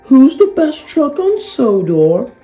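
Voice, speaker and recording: A narrator voicing an elderly female vintage steam lorry, proud and sly, in a high, drawn-out teasing voice. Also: sing-song, warm tone, faint music behind. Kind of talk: storybook reading.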